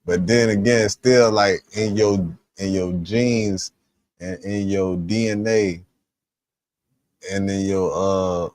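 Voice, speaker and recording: A man's voice: slow pace, no room sound. A man talking casually in a reaction stream, full of street slang, acting out what others might say. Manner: animated, acts out quotes with rising pitch, lots of slang. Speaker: commentator.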